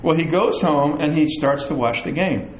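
A middle-aged man preaching a sermon as pastor, animated, with chatty asides and self-deprecating humor. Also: a little high, moderate pace, slight background noise. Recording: echoey room with faint ambience.

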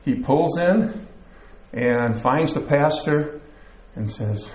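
Speaking slowly in a higher-leaning voice, this man preaches a sermon from a church, and the recording has a roomy echo. As pastor, he's a laid-back storyteller who eases in with a joke and often uses fillers.

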